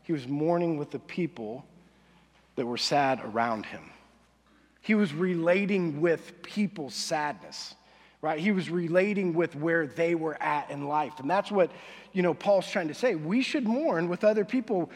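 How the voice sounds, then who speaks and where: Male pastor, fairly high voice, lively casual sermon delivery, long church reverb. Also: unhurried. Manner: animated, conversational, acts out quoted voices.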